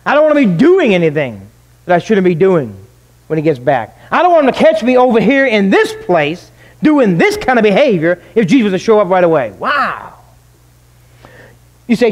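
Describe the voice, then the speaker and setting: A man pastor preaching a sermon, emphatic, with rhetorical questions and pauses. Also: high-pitched, very animated.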